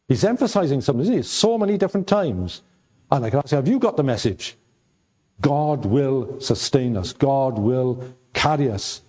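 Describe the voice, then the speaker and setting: An older man preaching a sermon, halting with fillers and restarts, and stressing his points by repeating them. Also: medium pitch, animated, darkish tone, husky. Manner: slow, halting delivery with many fillers and repeated words; emphatic repetition when reading scripture aloud.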